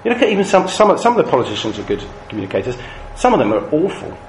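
A British man leads a training session for Christian youth workers, telling stories with an animated, swinging delivery. His voice sits a little high and ranges widely in pitch. He is heard in an echoey room with a faint hum of ambience behind him. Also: very fast. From Britain. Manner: lively, animated storyteller.

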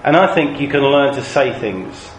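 Lively British man teaching in an echoey room. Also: mid-range voice, normal speed, a little hiss or hum. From Britain. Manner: lively, animated storyteller. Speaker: Christian youth worker trainer. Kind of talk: training session talk. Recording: echoey room, faint ambience.

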